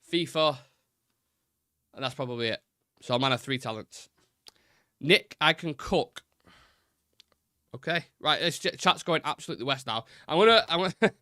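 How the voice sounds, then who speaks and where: Male live-stream host, rambling casual chat, bright tone, dry close sound. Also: a little high, clear, resonant tone, dry recording. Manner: rambling, chatty, swears casually. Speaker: host of a live football fan show.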